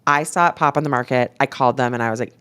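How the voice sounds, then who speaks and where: A woman's voice: rapid-fire, clear, resonant tone. A woman, a podcast co-host telling stories in casual chat, acting out quotes and using lots of "like". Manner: animated storyteller, acts out quotes with a jumping pitch; many "like" fillers. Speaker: podcast co-host and real estate agent.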